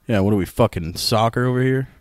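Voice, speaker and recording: A young man hosts a relaxed sports podcast in a clean-toned, mid-range voice, speaking fast with no echo. His stories wander freely, laced with profanity and frequent laughs.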